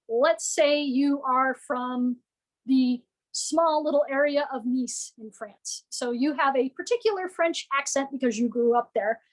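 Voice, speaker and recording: A woman giving a lively, playful presentation to business owners, often acting out what customers might say. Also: high voice, rough recording.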